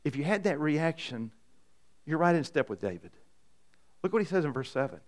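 A man preaching a sermon to a congregation in a conversational, animated way, often asking the room questions. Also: fairly high pitch, normal speed. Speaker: pastor. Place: church in front of a congregation.

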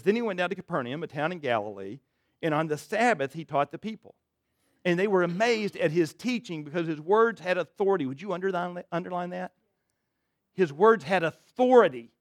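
A man's voice: expressive, brisk, no echo, clean studio sound. Emphatic man preaching a sermon. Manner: emphatic preaching, dropping low and quiet for stress; reads scripture aloud and comments conversationally. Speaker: pastor.

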